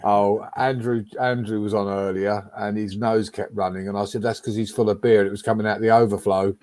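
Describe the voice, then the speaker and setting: A man's voice: on the low side, flat delivery, fairly quick, a little mellow, dry recording. A man who is a regular on a livestream, joking around and laughing at his own quips. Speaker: regular on the stream. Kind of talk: casual livestream chat.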